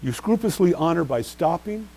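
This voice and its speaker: A man's voice: a little high, lively intonation, a little fast, creaky, darkish tone, low-quality recording. A man teaching a recorded bar exam review lecture, asking rhetorical questions and answering them himself while stressing key terms. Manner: stresses key terms and spells out case names.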